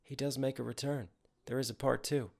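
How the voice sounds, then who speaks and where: A man's voice: medium pitch, flat delivery, brisk, gravelly. A man reacting to a rap video, enthusiastically analyzing the lyrics with casual swearing. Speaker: rapper reacting to music videos.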